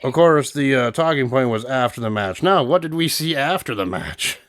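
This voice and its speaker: A man's voice: medium pitch, lively intonation, moderate pace, a bit bright, no echo, clean studio sound. A man co-hosting a casual review chat, joking and laughing often. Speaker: co-host reviewing wrestling.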